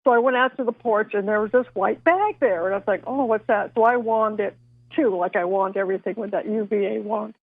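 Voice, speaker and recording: Excited woman caller on a phone line. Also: medium pitch, fairly quick, no echo. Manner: excited, talkative, apologetic. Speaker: radio show caller. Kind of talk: phone-in call.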